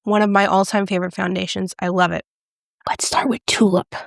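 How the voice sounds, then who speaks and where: A bubbly, excitable woman chatting through a makeup review and demo, gushing over each shade. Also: mid-range voice, brisk, gravelly, no echo, clean studio sound. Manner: drops to a whisper when excited. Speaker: beauty vlogger. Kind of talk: casual product review and demo.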